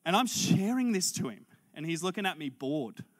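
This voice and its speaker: A man, a pastor preaching a sermon through an animated personal story, acting out the conversation. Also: high-pitched, moderate pace. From Australia. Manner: animated, acts out dialogue in character voices.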